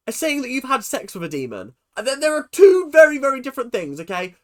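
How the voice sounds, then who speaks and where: Emphatic vlogger, exasperated rant with a swooping, expressive pitch and many rhetorical questions. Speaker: reality TV recap vlogger. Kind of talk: ranting commentary to camera.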